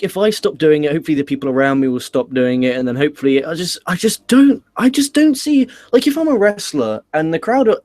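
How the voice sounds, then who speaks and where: A man's voice: fairly high pitch, no room sound, clean studio sound. A man with an English accent hosting a casual wrestling review, ranting and swearing as he talks. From England. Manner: profane, animated ranting. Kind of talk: casual podcast chat.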